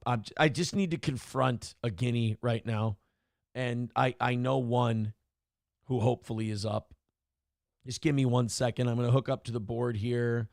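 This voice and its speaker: Brash gravelly man hosting a morning stream. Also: medium pitch, dry recording, studio quality. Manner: brash, profane, mocking. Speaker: morning show host reading chat. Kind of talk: casual, crude livestream talk.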